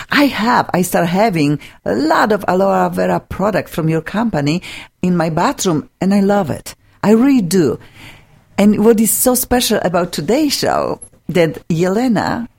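A woman's voice: fairly low pitch, gravelly. Woman hosting a studio show, super chatty and upbeat, non-native english phrasing. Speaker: talk show host. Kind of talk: casual studio chat.

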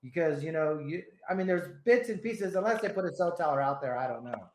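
Laid-back host guy, high voice, swears a lot, echoey room. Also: animated, a little fast, darkish tone. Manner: laid-back, swears often, rambling stories. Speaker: radio host. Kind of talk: casual interview chat. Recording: roomy echo.

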